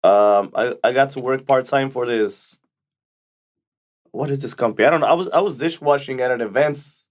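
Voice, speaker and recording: A man's voice: mid-range voice, normal speed. A young man co-hosting a casual podcast, telling rambling work stories with frequent restarts. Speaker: podcast co-host. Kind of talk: casual chat.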